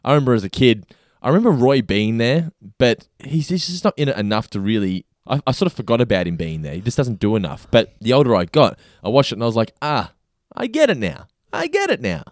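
A man co-hosting a podcast, recapping and teasing his co-host in lively casual chat. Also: mid-range voice, fast, hardly any pauses, no echo, studio quality. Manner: animated teasing storyteller.

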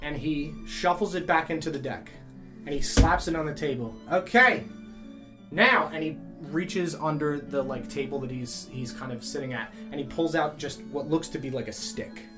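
Game master describing scenes, casual and rambling, with soft guitar in the background. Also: medium pitch, steady tone, normal speed. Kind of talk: narrating a tabletop game.

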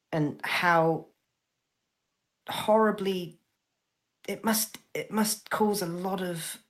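A woman's voice: fairly low pitch, pitched above the performer's own voice. A woman playing Spyro, an earnest stammering bard. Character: tender young male bard, emotional. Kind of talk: tabletop role-play in character.

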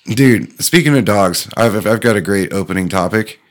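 A man's voice: lowish voice, moderate pace. A man co-hosting a casual podcast, telling laid-back stories and laughing often. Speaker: podcast co-host. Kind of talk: casual chat.

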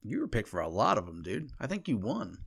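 A man co-hosting a podcast, bantering bluntly and sarcastically and quick to mock his co-host. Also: fairly low pitch, wildly swooping pitch, gravelly, slightly rough. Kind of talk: casual crude banter.

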